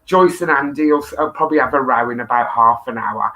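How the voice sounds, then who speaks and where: A woman's voice: extremely low pitch, fast, a crowd in the background, low-quality recording. A woman hosting a live-stream chat show, affectionate and teasing with her viewers. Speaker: host. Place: home studio.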